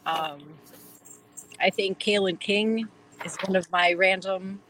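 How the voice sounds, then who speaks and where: Woman, Wisconsin accent, eager rambling interview guest, bright timbre. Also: medium pitch, steady tone, takes it slowly, slight background noise, rough recording. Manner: enthusiastic, rambling with many fillers. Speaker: guest fan. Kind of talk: casual interview chat.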